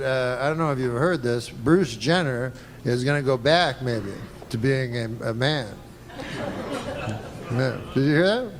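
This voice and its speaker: A man doing a stand-up set with a deadpan, relaxed delivery, halting over fillers. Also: mid-range voice. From Canada. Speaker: stand-up comedian. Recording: noisy archival stand-up clip.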